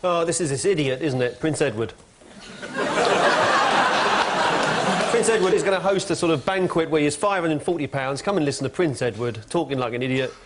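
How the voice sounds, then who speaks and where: A man's voice: fairly high pitch, lively intonation, normal speed, long pauses, noisy background. A man, a panel-show team captain, riffing in a scornful, sardonic way. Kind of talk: improvised comic banter. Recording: TV studio with loud audience.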